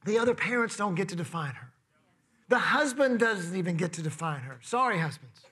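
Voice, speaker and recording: A man's voice: high-pitched, expressive, fairly quick, pushed and bright. A man preaching a sermon in a conversational way, asking the congregation rhetorical questions. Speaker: pastor.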